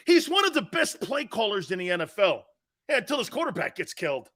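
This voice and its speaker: A man hosting a sports talk show, ranting in a loud and mocking way. His voice sits very high and swings widely. It sounds bright and edgy, and he talks at an unhurried pace. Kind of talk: sports opinion rant.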